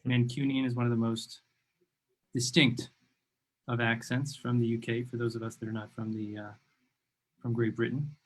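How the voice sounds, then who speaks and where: A man's voice: mid-range voice, level tone, moderate pace, pauses often. A man from New York hosting an interview over a video call, talking enthusiastically and rambling, often repeating himself. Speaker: host. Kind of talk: conversational interview.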